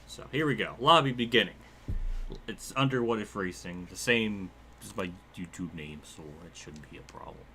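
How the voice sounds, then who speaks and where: A young man casually talking through a racing game livestream, excitable, laughing often and quick to swear. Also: fairly low pitch, slight background noise.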